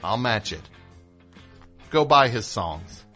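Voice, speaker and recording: Male radio host, low voice, forceful bright tone, rambling comedic chat. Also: expressive, takes it slowly. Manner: digressive, chatty, plugs music between jokes.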